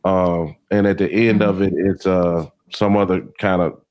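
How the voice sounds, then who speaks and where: A man hosting a podcast, speaking in a relaxed, halting way with many fillers. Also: low voice, clean tone. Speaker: podcast host. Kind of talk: casual interview.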